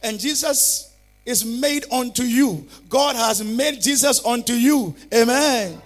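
A man's voice: very high-pitched, slow. A male pastor preaching a fervent sermon, calling on listeners to repeat declarations after him.

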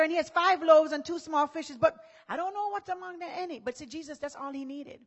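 A woman pastor delivers a sermon in a high, bright voice. She talks to the congregation like a conversation, slips into voices of everyday people, and climbs to loud, shouted passages. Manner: preaching, acts out what people say in conversational voices, rises to shouting.

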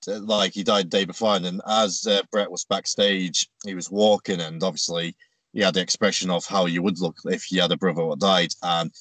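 A man's voice: low voice, steady tone, fairly quick, fairly bright tone, no echo. A man co-hosting a podcast, casually recapping events step by step with frequent filler words. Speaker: podcast co-host. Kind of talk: casual chat recapping a wrestling show.

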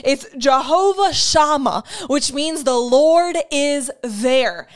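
High-voiced woman giving an earnest sermon. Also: expressive, slow pace. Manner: earnest and emphatic, repeats key phrases; shares personal testimony with feeling. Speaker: Bible teacher. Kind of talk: teaching sermon.

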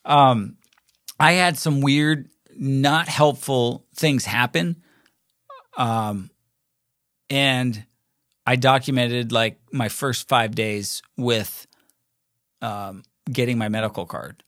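A middle-aged man spins a loose, rambling anecdote, trips over his words and slips into quick impressions of the people he met. His voice sits at an everyday middle pitch. The sound is close and dry, with no room around it. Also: fairly even intonation, a bit bright, dry recording. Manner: rambling, filler-heavy, acts out quoted voices. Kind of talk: casual anecdotal storytelling.

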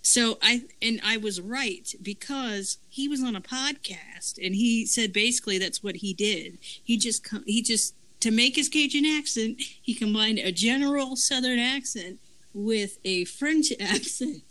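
A woman hosts a casual review chat with a bright, forceful tone. She rambles and restarts her sentences as she goes, in a loose, conversational way. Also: fairly high pitch, a little slow, rough recording. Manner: rambling, self-correcting, chatty. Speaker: podcast host.

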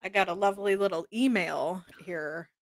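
A man co-hosting a gaming live stream, chatting in an excited, teasing way. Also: high voice, moderate pace, dry recording, studio quality. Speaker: podcast co-host. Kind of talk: casual live-stream chat.

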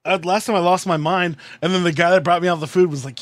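A man's voice: high voice, fast, no echo. A man hosting a podcast, telling a story in casual chat and acting out his own outbursts. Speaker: podcast host.

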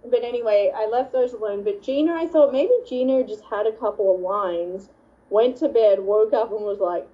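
A woman's voice: on the high side, moderate pace. Australian woman on a podcast, sarcastic storytelling, kinda dull muffled audio. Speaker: podcast co-host. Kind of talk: casual chat, retelling an online argument.

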